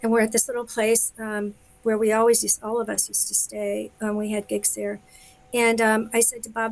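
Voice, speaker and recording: A woman singer chatting casually on a live video call, telling a story with quick asides and laughs. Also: on the high side, flat delivery, creaky. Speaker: singer, guest. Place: home, live video stream.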